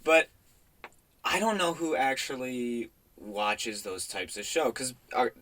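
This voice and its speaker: Young male podcast host, bright timbre, animated and joking, laughs between thoughts. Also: medium pitch, slow. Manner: animated, jokey, laughing asides. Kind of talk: casual chat.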